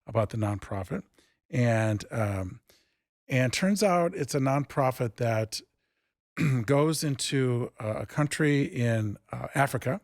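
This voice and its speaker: A man who founded an improv theatre, telling stories in a casual interview and acting out the dialogue with lively jumps in pitch. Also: takes it slowly, no room sound, studio quality. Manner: animated, acts out quoted dialogue with big pitch jumps.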